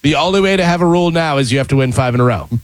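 A man's voice: fairly high pitch, rapid-fire, no room sound. A man co-hosting a radio show in the studio, teasing the host and firmly laying down the rules of a game. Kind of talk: casual on-air banter. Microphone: studio microphone.

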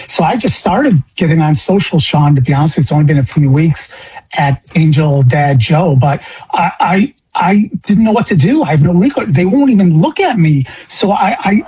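A man's voice: sits high, a little mellow, husky, poor audio. A middle-aged man from Illinois, a guest on a talk radio show, speaking indignantly with stammering restarts. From Illinois, USA. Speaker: guest caller.

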